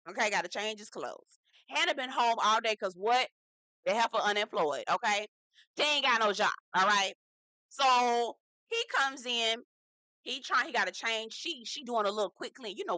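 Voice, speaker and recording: A young woman gives a sassy, animated reality-show recap. She talks straight to her viewers with a bright, forceful voice. The recording is dry and close. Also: medium pitch, moderate pace, no echo. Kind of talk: casual recap commentary.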